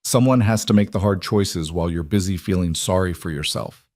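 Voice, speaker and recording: Icy, ruthless queen, voiced by a low-voiced man. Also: brisk, darkish tone, no echo, studio quality, natural voice. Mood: cold, commanding. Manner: icy, clipped and commanding. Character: cold, ruthless queen ruling alone.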